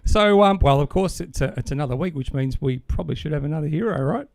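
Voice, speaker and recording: Aussie man, podcast co-host, upbeat and rambling, fairly high voice, dry close sound. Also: lively intonation, fast, gravelly, darkish tone, no room sound. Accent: Australian. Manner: enthusiastic, rambling explainer. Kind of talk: casual chat.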